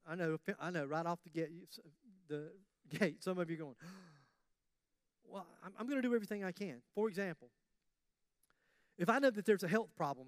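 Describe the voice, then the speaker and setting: A high-pitched man preaching to his congregation in a lively, joking, conversational way. His voice is close and dry, with almost no room sound around it. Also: no room sound. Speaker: pastor. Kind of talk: sermon.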